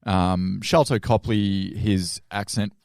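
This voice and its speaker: A man co-hosting a podcast, chatting about a movie in a relaxed way and laughing often. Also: low-pitched, slow, vocal fry, clean tone, no room sound, studio quality. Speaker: podcast co-host. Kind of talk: casual movie chat.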